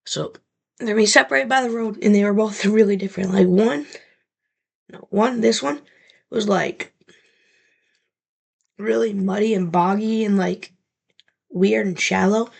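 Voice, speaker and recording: A woman's voice: mid-range voice, measured pace, gravelly, pauses often. A young woman vlogger telling a rambling, profane story straight to her camera, full of fillers.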